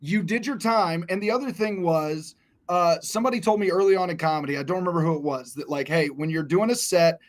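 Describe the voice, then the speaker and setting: Man, high voice, excited, casual podcast chat, says "dude" a lot. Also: a little fast. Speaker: comedian co-host.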